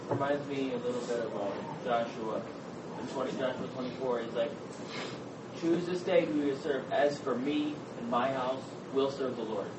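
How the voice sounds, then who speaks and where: A man's voice: mid-range voice, fairly even intonation, moderate pace. Man, class participant, far from the mic, roomy space, background noise. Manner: soft-spoken comment from the audience.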